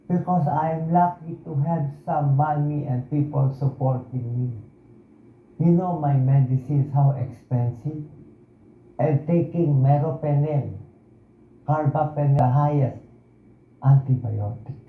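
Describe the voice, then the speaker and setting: Hoarse slow-talking Filipino man. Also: mid-range voice, a little hiss or hum. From Philippines. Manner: emotional, pleading confessional talk mixing languages. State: hoarse, voice dried out. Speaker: doctor speaking to the public. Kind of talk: emotional personal address. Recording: echoey room over a tinny phone-like line.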